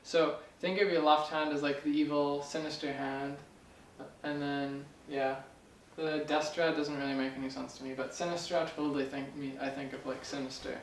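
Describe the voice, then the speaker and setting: A man's voice: a little high, flat delivery, moderate pace. A man teaching music theory in a casual, chatty way, full of fillers, joking and correcting himself as he goes. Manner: chatty, filler-heavy, playful and self-correcting. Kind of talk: casual explanatory lesson. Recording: roomy sound from a distance, faint hiss.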